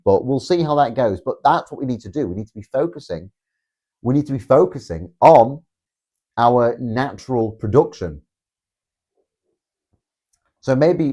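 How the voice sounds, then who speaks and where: A man's voice: medium pitch, a little mellow. A man, hosting a live stream, reading viewer comments aloud in a rambling, sarcastic way and swearing often. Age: 20s. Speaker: livestream host.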